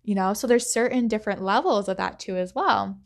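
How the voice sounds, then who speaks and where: A woman's voice: mid-range voice, brisk, vocal fry. A young woman hosting a solo podcast, talking casually with lots of fillers and acting out her own thoughts in quotes. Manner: chatty, rambling, many fillers; animated, acts out quoted thoughts. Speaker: podcast host.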